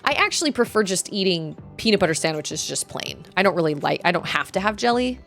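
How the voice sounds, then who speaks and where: A woman's voice: on the low side, very animated, fast talker, a bit bright. A woman streaming a game, chatting casually with viewers and reading game dialogue aloud in playful voices. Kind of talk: casual gameplay commentary. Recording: faint game music behind.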